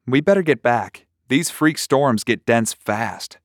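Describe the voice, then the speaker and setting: A man voicing a weary, protective father who talks in a folksy, slightly gruff drawl. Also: medium pitch, expressive, slow pace, no echo, studio quality. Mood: low-key. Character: weary protective father chasing his son.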